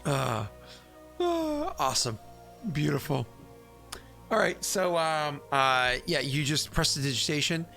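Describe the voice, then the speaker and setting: A man's voice: fairly high pitch, big pitch swings, unhurried, gravelly, long pauses, pushed and bright, soft background music. A man running a tabletop game as game master, rambling with many fillers and frequent laughs.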